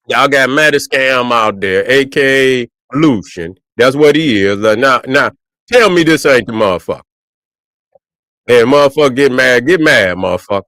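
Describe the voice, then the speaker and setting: A man's voice: mid-range voice, sharp tone, no echo, studio quality. A man, ranting profanely and repetitively to viewers on a livestream. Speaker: online commentator.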